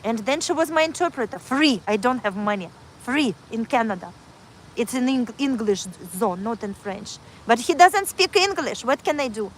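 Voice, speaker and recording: A woman pours out her story in earnest, halting, English, circling back and repeating herself. Her voice sits a little high. Faint traffic hums behind her phone mic outdoors. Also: lively intonation, rough recording. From Kazakhstan. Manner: earnest, repetitive, in broken non-native English. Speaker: livestreamer. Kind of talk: emotional personal storytelling on a livestream.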